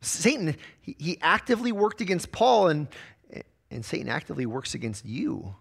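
A man's voice: on the high side, moderate pace, creaky, fairly bright tone, slightly rough. A man preaching a sermon, often repeating his first words and asking the congregation questions. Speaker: pastor.

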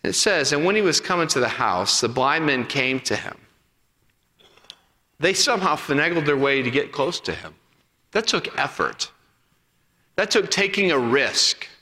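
A man preaching a sermon as pastor, telling a Bible story with acted-out voices and dropping to hushed appeals. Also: a little high, moderate pace, pauses often. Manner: animated storytelling, acting out voices, then hushed and intimate. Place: church sanctuary. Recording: long reverb of a hall.

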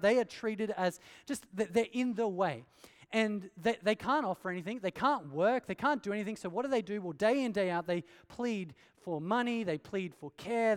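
In a long, reverberant hall, a male pastor delivers an earnest sermon in a high, clear, resonant voice. He poses rhetorical questions and drives his points home with emphasis.

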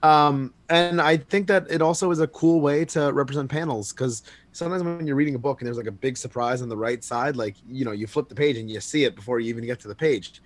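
A man's voice: mid-range voice, quick pace, few pauses, no room sound. Man, podcast host, casual chat, rambling, self-mocking jokes.

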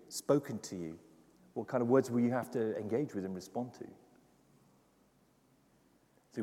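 Pastor preaching in a reverberant church. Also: male voice, medium pitch. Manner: rises from quiet musing to loud fervent preaching. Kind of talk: sermon.

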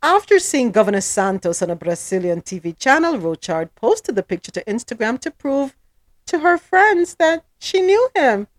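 A woman's voice: on the high side, big pitch swings, moderate pace, dry recording. A woman hosting a podcast, reading news items and then drifting into playful, gossipy chat with frequent giggles. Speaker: podcast host. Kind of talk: casual news recap chat.

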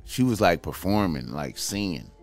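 Low-voiced guy rambling in slang, swings his pitch all over, faint music under him. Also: expressive, moderate pace, creaky. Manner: loose, rambling, profane slang. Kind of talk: casual chat.

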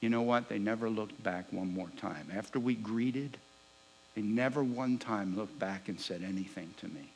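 A man preaching a sermon, telling a personal story with lively swings between loud bursts and hushed asides. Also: lowish voice, moderate pace, a little hiss or hum, low-quality recording.

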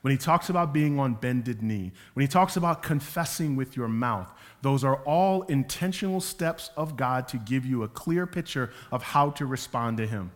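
A man preaching a sermon as a pastor, moving from quiet, slow passages to loud, emphatic ones. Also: medium pitch, animated. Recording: long hall reverb.

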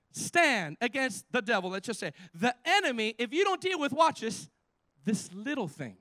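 A man pastor preaching a sermon, animated and exhorting, with frequent stumbling restarts. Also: very high voice, normal speed, no echo.

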